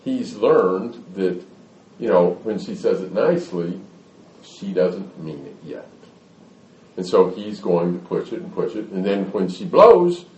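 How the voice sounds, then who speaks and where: In an echoey hall, picked up by a mic some distance away, a low-pitched, slightly mellow male speaker addresses an audience about parenting. His style is folksy, and he acts out small scenes to illustrate what he means.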